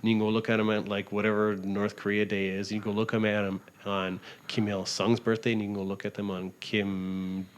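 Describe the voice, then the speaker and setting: A Canadian man, a travel writer, talking as a guest in a casual interview, rambling through animated stories, laughing often and acting out what people said to him. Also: on the low side, brisk, hardly any pauses, a little hiss or hum.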